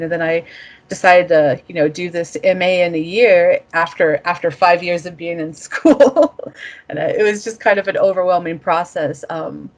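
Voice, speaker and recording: A woman from the United States, a former master's student, talking in a casual interview in a reflective way, with fillers and soft laughs. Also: on the low side.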